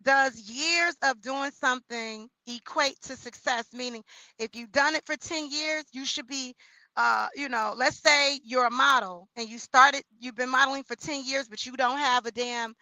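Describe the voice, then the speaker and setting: Her high-pitched voice moves at normal speed, with no echo but low recording quality. Hosting her own livestream, she chats casually through comments, loud, expressive, and slangy, speaking straight to viewers.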